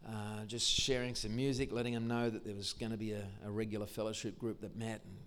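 A man's voice: fairly low pitch, little pitch movement, a little fast, a bit bright, clean tone. An older man with an Australian accent, giving an enthusiastic storytelling testimony in church. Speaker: Christian musician and speaker. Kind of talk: testimony sermon.

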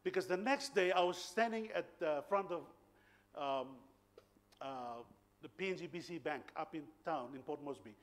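High-voiced animated male preacher. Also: normal speed. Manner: animated, laughing storyteller with bursts of loud emphasis. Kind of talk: sermon storytelling.

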